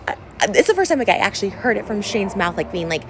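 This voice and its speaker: Young woman, upset vlog rant, rambling with endless "like", medium pitch, faint room hiss. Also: big pitch swings, quick pace. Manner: rambling, fillers of "like", upset and venting. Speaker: vlogger. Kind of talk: unscripted vlog rant to camera.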